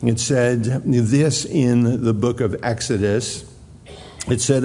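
Male pastor, sermon, dark gravelly voice, deliberate emphatic delivery. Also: mid-range voice. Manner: slow, deliberate preaching with emphatic repeated phrases. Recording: long hall reverb.

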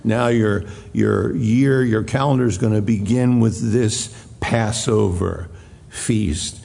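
A man preaching a sermon in a church, slow and deliberate, repeating phrases for emphasis. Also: lowish voice, vocal fry, dark tone. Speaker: pastor. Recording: long hall reverb.

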